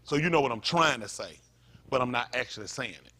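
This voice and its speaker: A pastor, preaching a sermon in a repetitive, emphatic manner that rises to loud peaks. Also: male voice, mid-range voice, lively intonation, brisk.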